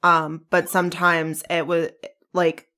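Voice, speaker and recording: A woman's voice: fairly low pitch, little pitch movement, takes it slowly, pushed and bright. A woman co-hosting a video game let's play, chatting casually and laughing often as she tells stories. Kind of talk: casual chat over gameplay.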